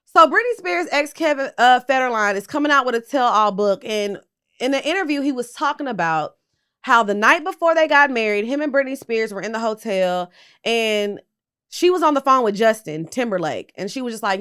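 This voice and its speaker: A woman's voice: fairly high pitch, animated, fairly quick, fairly bright tone, smooth. A tipsy woman hosting a casual pop culture gossip show, talking bluntly and sassily to her viewers and swearing freely. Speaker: pop culture commentary host.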